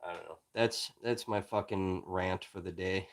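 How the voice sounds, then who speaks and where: A man originally from Illinois, hosting a livestream and ranting in frustration, heavy with profanity and swinging from low muttering to loud outbursts. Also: steady tone, moderate pace, slight background noise, rough recording. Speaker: livestream host and independent journalist.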